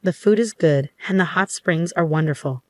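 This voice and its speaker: Selfish deceitful husband read by a woman, storybook voice, low pitch, dry close sound. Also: moderate pace, no room sound, natural voice.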